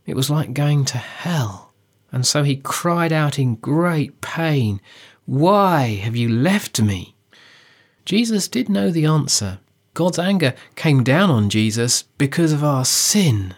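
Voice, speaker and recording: A man discussing how to preach a passage, speaking in an earnest, measured way with emphasis on key phrases. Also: on the high side, expressive. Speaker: preacher giving a preaching guide. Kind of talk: teaching dialogue on sermon preparation.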